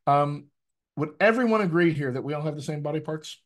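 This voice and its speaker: A male dialect coach leads an online workshop, talking in an animated, emphatic way and repeating phrases to drive his points home. His voice sits a little higher than most men's. He sounds like he's on a video call. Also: fairly quick. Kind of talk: energetic workshop teaching.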